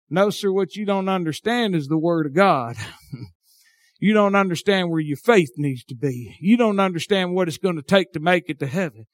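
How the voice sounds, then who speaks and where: A man with a Southern hillbilly drawl preaching a sermon, swinging between shouted passages and quiet, folksy talk. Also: sits high, expressive, moderate pace, dry recording, studio quality.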